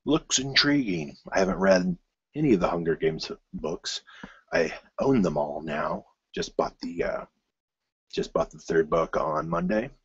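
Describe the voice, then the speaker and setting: Deep-voiced man chatting about film news. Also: unhurried, breathy edge, dry recording, muffled recording. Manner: rambling, with many fillers and restarts; bursts of excitement at news items. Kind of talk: casual solo film news commentary.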